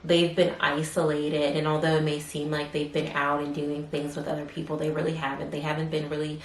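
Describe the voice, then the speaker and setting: A woman with a low, steady, fairly flat voice gives a casual tarot reading, rambling with lots of fillers and murmuring questions to spirit under her breath. She sounds like she is in a roomy space with a bit of echo and a faint hiss behind her. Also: fairly quick. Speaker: tarot reader.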